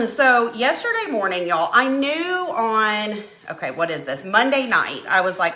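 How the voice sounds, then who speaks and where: A woman chatting casually on a live stream while she paints, telling a dramatic, animated story. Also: mid-range voice, measured pace, echoey room. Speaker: craft channel host.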